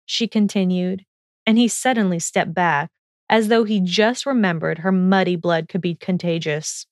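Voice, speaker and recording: A woman narrating a fan fiction audiobook in steady, measured storytelling. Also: lowish voice, dry recording, clean studio sound.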